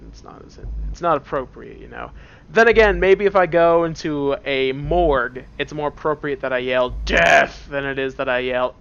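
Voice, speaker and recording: A man's voice: a little high, a bit bright, smooth, muffled recording. A man casually joking and rambling through commentary on a game, seated at a computer at home. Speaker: let's play gamer.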